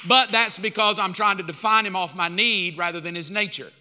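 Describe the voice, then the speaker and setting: High, bright-voiced preacher in a reverberant hall. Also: male voice, brisk, background noise. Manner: lively, acts out dialogue with God. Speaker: pastor. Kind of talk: sermon. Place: church sanctuary.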